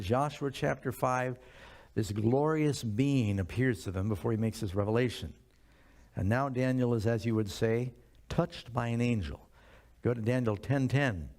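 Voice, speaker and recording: Gravelly-voiced man preaching. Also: medium pitch, a little mellow. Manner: conversational preaching, asks the congregation questions. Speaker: pastor. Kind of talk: sermon.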